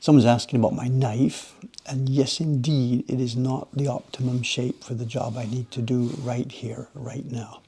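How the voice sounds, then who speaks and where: A man hosting a livestream from his workshop, chatting with viewers in a rambling, animated way while he works on a carving. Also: mid-range voice, moderate pace, vocal fry, a little hiss or hum. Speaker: livestream host, woodblock carver. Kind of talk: casual chat while working.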